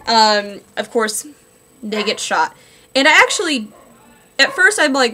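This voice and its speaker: A woman's voice: on the high side, moderate pace, a bit bright. Chatty sarcastic woman reviewing comics. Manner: sarcastic, chatty, lots of ums and likes. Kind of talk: casual spoken review.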